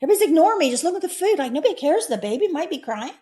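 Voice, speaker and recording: A woman in her sixties, a guest in an interview, earnestly recounting her own near-death experiences, breaking into sudden high, loud bursts. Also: sing-song, very fast.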